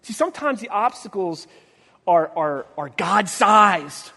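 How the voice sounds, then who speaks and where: A man preaching a sermon as pastor, telling stories with humor and acting out the quotes, his voice swinging from quiet to loud. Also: high-pitched, lively intonation, a little slow, gravelly. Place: church sanctuary. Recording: long church reverb.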